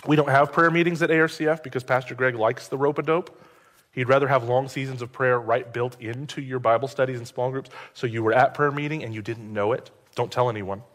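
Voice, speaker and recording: Man, pastor, sermon, chatty and joking, mid pitch, long reverb of a church hall. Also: fairly bright tone. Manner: conversational, joking asides.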